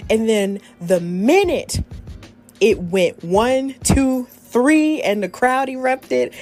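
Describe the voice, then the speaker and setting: A young woman hosts a podcast and tells a personal story in an earnest, heartfelt way, laughing now and then. Her voice sits at a middle pitch for a woman. Faint music plays quietly behind her. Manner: emotional, earnest and animated, with laughter. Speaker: podcast host.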